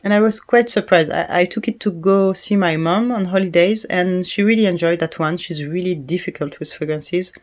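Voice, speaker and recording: A woman's voice: fairly low pitch, normal speed, hardly any pauses. A woman with a French accent, a native French speaker, giving a casual, chatty perfume review with frequent hesitations and little laughs. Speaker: fragrance reviewer.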